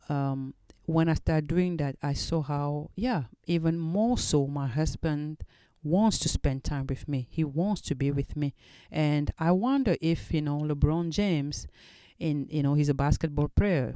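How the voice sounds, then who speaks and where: A woman hosting a solo podcast, speaking in an earnest, reflective way with halting restarts. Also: low voice, mellow, smooth, no room sound, studio quality. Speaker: podcast host.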